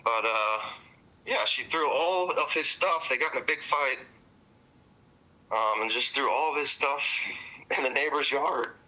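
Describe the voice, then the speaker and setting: A man's voice: medium pitch, a little slow, pauses often, bright, forceful tone. Man, rambling casual talk, cussing, muffled phone recording. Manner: rambling with many fillers and cussing. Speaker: witness interviewed by police. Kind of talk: casual recounting.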